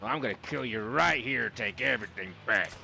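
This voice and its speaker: A man's voice: mid-range voice, fairly quick, gravelly, bright, forceful tone. A man reading out the lines of a boastful, ruthless male billionaire gambling boss from a video game, in a taunting, cocky manner.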